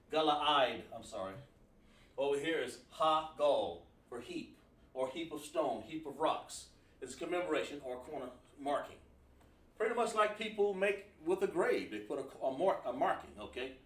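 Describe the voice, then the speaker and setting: A man teaching a class at a board, explaining word by word with many fillers and repetitions. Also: medium pitch. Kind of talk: classroom lesson. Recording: echoey room from far off.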